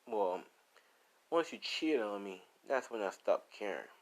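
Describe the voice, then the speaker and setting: A man voicing a bitter young man who answers his former lover in a flat, dismissive tone. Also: lowish voice, a little slow, low-quality recording. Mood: cold.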